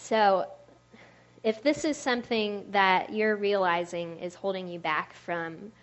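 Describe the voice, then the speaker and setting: A woman giving a casual, conversational sermon to a youth group, chatty and quick to laugh, with lots of "like" in her speech. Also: medium pitch. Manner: chatty, laughs often, uses "like" a lot. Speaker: speaker at a church youth talk.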